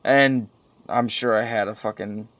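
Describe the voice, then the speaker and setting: A young man giving casual, profanity-laden commentary over strategy game footage, rambling and getting animated when he recalls frustrating moments. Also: lowish voice, a little slow, no room sound, dull audio. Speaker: gameplay commentator.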